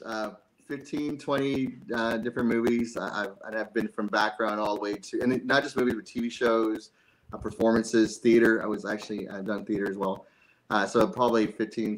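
A man's voice: lowish voice, low-quality recording. A man being interviewed as a guest actor, chatty and self-joking, often laughing. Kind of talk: casual interview chat.

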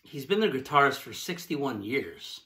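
A man playing a blunt, insulting band executive in a satirical comedy sketch, deadpan and cutting. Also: medium pitch, normal speed. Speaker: interviewer in a sketch.

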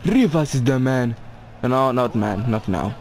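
A young man providing excited commentary over his own football video game, calling out players' names and cheering or groaning at each play. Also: mid-range voice, a little slow, slight background noise. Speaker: gaming YouTuber.

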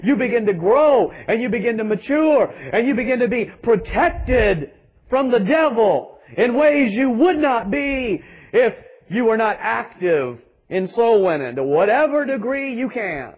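Man, pastor, high voice, emphatic sermon, dull lo-fi recording. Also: expressive, a little slow. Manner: emphatic preaching with rhetorical questions.

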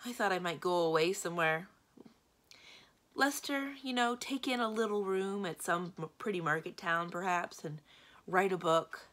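A woman reading aloud and voicing a melodramatic male dark wizard who is worn out by his duty of evil. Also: on the low side, moderate pace, natural voice. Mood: weary. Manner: plaintive and theatrical.

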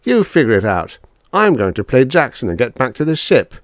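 A man's voice: medium pitch, big pitch swings, moderate pace, no echo, voice pushed up, lightly acted. A man voicing an impatient, contemptuous young spaceman who talks bluntly. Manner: blunt, scornful, shouting.

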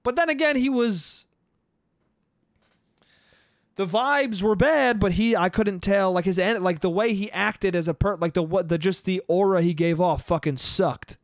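A man with a high voice tells a story on his own podcast, cursing casually and wandering off track. He laughs at his own lines. The sound is dry and close. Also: normal speed, few pauses, no room sound. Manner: rambling, profane, laughs at his own stories. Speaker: podcast host.

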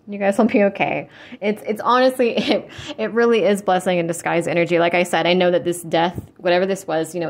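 A young woman giving a casual tarot reading, chatty and full of fillers, blunt and quick to swear. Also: lowish voice. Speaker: tarot reader.

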